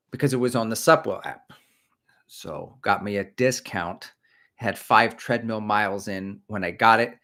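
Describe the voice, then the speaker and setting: A man's voice: fairly low pitch, fairly bright tone. A middle-aged man hosting a casual running livestream, rambling and self-mocking as he chats about shoes. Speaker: running channel host. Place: indoors, creaky chair.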